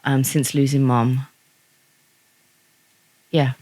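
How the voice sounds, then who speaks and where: A woman's voice: very deep voice, level tone, very slow, warm tone, dry recording. A woman, a podcast guest, talking frankly and playfully in casual chat. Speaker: podcast guest, wedding photographer.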